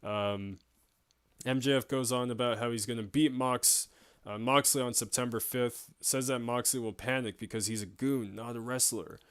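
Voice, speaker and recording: A man's voice: mid-range voice, steady tone, normal speed, clear, resonant tone, no room sound. Chatty young man recapping wrestling. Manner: chatty, laughs often, many fillers. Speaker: wrestling show reviewer. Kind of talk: casual recap commentary.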